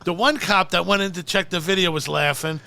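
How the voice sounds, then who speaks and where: A middle-aged New Jersey man spins a profane story, jumping into the voices of everyone in it. His voice sits high and sounds bright and gravelly, with a tense edge. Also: fairly quick. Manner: animated, acts out the voices in his stories, frequent swearing. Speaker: podcast guest, storyteller.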